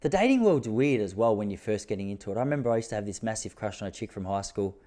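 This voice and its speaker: A man's voice: lively intonation, racing, mellow. An Australian man in his thirties hosting a podcast, telling stories in a laid-back, self-mocking way. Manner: laid-back, self-mocking, jumps to high-pitched disbelief when telling jokes. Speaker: podcast host. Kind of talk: casual storytelling monologue.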